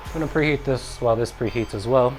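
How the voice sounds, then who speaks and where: A man's voice: mid-range voice, fast, a little mellow, faint music behind. A man hosting a casual cooking vlog in his home kitchen, chatty and talking to himself as he works, a bit out of breath. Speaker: cooking channel host.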